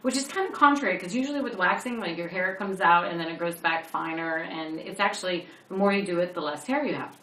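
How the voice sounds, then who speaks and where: Bright-voiced woman telling a lively story. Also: on the low side, fast, few pauses. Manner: animated storyteller, acts out quotes, laughs often. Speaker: co-host. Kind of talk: casual chat, telling a funny story. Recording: echoey room, mic at a distance.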